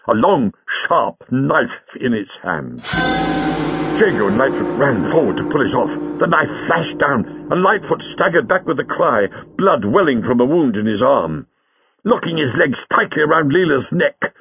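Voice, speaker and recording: A man narrating a story in an expressive, dramatic reading style, on a dull lo-fi recording. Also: medium pitch, slightly rough, no echo. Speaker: audiobook reader. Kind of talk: scripted narration.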